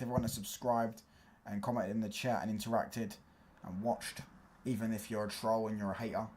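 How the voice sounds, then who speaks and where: A man's voice: mid-range voice, darkish tone. A young man hosting a football livestream, chatting loosely in slang. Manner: loose, slangy, rambling with fillers. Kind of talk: casual livestream chat.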